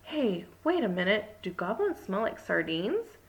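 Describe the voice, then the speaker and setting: A woman voicing a big, gentle, childlike bird who exclaims in a raised, drawn-out way. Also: medium pitch, very animated. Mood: curious.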